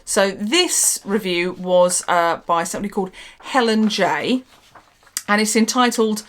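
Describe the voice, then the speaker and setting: A woman's voice: medium pitch, measured pace, slight background noise. A woman hosting her own vlog, ranting in a sarcastic, exasperated way and swearing for emphasis. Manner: animated, emphatic delivery. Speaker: channel host.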